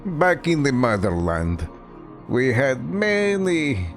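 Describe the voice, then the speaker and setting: A man voicing a boisterous middle-aged Russian father with a thick put-on Russian accent, drawn-out and theatrical. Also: medium pitch, big pitch swings, faint music behind, voice pushed up. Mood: fond.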